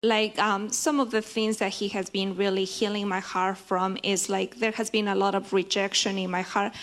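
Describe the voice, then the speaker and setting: A woman sharing a heartfelt personal faith testimony in a church group, earnest and halting, with frequent restarts. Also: medium pitch, level tone.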